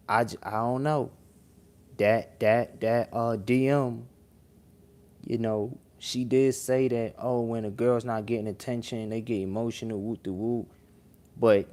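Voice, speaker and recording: A man's voice: medium pitch, darkish tone. A young man hosting a livestream, giving casual, rambling reaction commentary full of slang and restarts.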